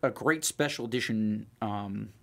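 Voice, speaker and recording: A man's voice: lowish voice, normal speed, creaky, a bit bright. Chatty man co-hosting a watch talk show. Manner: rambling, many fillers and restarts. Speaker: watch trader co-host. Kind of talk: casual chat.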